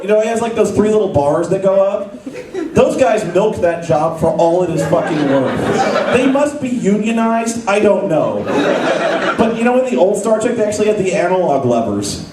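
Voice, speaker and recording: A man doing live stand-up comedy on a convention stage, ranting with animated, profane energy. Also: high-pitched, moderate pace, very noisy. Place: convention stage, large hall. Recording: echoey hall recording, mic far off. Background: audience laughing.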